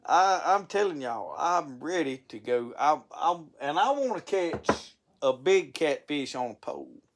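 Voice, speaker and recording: Man, stream host, fairly high pitch, rambling folksy chat with frequent restarts. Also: animated, measured pace. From Mississippi. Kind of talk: casual live-stream chat.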